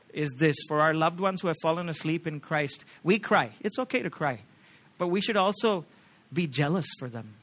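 A man preaching a sermon in a church, earnestly asking the congregation questions and moving between hushed gentle passages and loud emphatic peaks. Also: fairly high pitch. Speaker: pastor.

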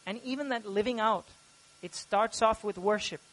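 A man preaching a sermon as pastor, earnest and animated, rising loud when he acts out quoted prayers. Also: sits high, normal speed, low-quality recording.

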